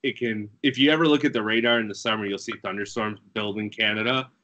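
A man's voice: lowish voice, fairly even intonation, fast talker, pushed and bright, lo-fi sound. A man from the Buffalo area, a guest angler, chatting casually and laughing through his stories. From Buffalo area, USA. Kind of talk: casual podcast chat.

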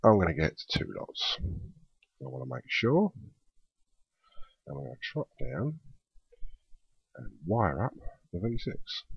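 Husky deep-voiced man thinking aloud. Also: no echo, lo-fi sound. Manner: chatty, thinking aloud while building. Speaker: let's play host. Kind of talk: casual game commentary.

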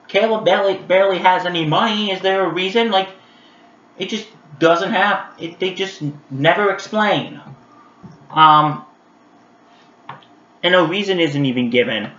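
A man reviewing an old animated holiday special in a casual vlog, chatty and animated with lots of fillers, talking straight to his viewers. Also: a little high. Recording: roomy, dull lo-fi sound.

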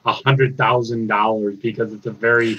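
A man's voice: fairly low pitch, flat delivery, normal speed, bright, forceful tone, slightly rough. A man hosting a casual review chat, recapping scenes in a loose, filler-heavy way. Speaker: host reviewing a cartoon episode. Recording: dull lo-fi audio.

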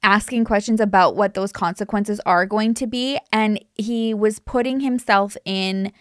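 A woman's voice: mid-range voice, steady tone, unhurried, no room sound, studio quality. A woman hosting a true crime channel, talking casually and rambling with many restarts. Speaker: true crime YouTuber host.

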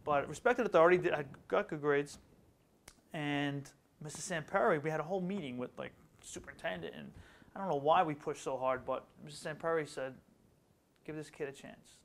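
A middle-aged man from Long Island, an author and educator, telling stories in a quick, animated way as a guest in a casual interview. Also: a little high, creaky. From Long Island, New York. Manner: fast, animated storytelling.

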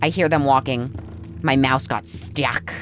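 A woman's voice: rumbling low, fairly even intonation, a little slow, slight background noise. A woman playing a horror game and chatting through it, talking to the characters and reacting with surprise. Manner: chatty, talks to the game, easily startled. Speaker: gaming channel host. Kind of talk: let's play commentary.

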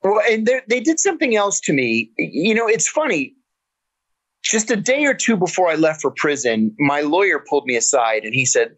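A middle-aged man, a podcast guest and author, telling stories in a casual interview with animated delivery and frequent restarts. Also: fairly high pitch, moderate pace.

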